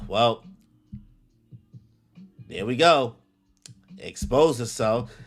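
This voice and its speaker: A man's voice: lowish voice, drawn-out words, long pauses, a bit bright, soft background music. A young man reacting live to a comic chapter, exclaiming and swearing casually with lots of slang. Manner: exclaiming, crude slang, says "bro" a lot. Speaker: manga reaction streamer. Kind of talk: live reaction commentary while reading.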